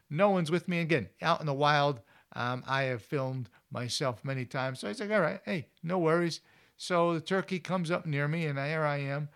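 A male outdoor show host, spinning wildlife stories in a loose, chatty way full of ums and asides. His voice sits fairly high for a man, and he tells each story as though chatting with friends. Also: fairly bright tone, clean tone. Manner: casual, rambling with fillers. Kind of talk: anecdotal storytelling.

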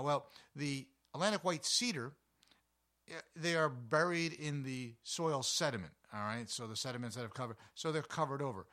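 A man hosting his own show, from New Jersey, telling outdoor stories in a casual, animated way with jokes and plenty of ums. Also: medium pitch. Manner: animated, jokey, fillers and self-corrections. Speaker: show host. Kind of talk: casual storytelling monologue.

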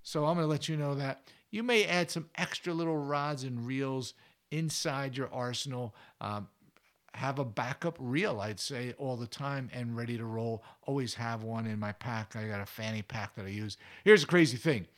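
A man's voice: mid-range voice, moderate pace. A man hosting a fishing show, giving casual advice in a chatty, folksy way with anecdotes. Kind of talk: casual instructional talk.

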